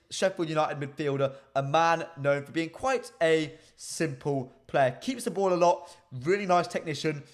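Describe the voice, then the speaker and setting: Energetic football presenter, man. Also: on the high side. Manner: energetic, repeats key phrases for emphasis. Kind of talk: live-stream football chat, reading viewer comments.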